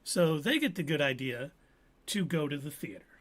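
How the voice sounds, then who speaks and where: On a live stream, a podcast host casually recaps a TV episode, telling it animatedly and acting out the characters' lines. His voice is on the high side and he speaks at a normal speed.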